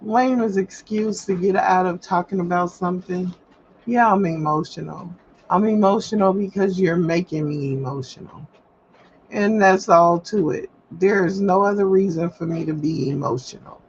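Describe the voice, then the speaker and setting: A woman with a fairly low voice talks at a normal speed on a casual livestream she hosts. She prints paperwork at home while rambling frankly and emphatically repeating herself. The audio is slightly dull, with a faint hum.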